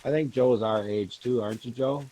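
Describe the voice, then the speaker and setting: A man's voice: medium pitch, normal speed, dark tone, slight background noise, low-quality recording. A man in his fifties chatting and teasing friends on a game stream, wry and profane. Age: 50s. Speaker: gamer on a group stream. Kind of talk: casual chat.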